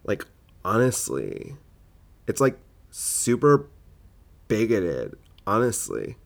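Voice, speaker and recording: Guy rambling on his own comedy podcast, kinda low voice, keeps correcting himself. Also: huge pitch swings, slow, gravelly. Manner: rambling, sidetracked, full of fillers and self-corrections. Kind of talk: casual solo comedy podcast monologue.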